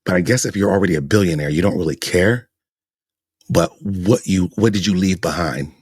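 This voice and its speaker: Low husky man hosting a podcast. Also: a little fast, dry recording, clean studio sound. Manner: emphatic, rhetorical questions. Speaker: podcast host. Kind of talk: opinion commentary monologue.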